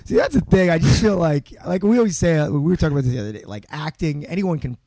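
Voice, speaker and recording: A man co-hosting a podcast in casual chat, agreeable and quick to laugh. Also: on the high side, dry recording. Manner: laughs easily, agreeable, lively intonation.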